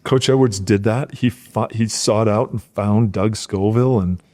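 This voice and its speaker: Speaking at a measured pace in a fairly low voice, this middle-aged man from rural Wisconsin, once a football player, shares stories during a relaxed podcast interview. He brings his old coaches to life, shouting their lines in a raised voice.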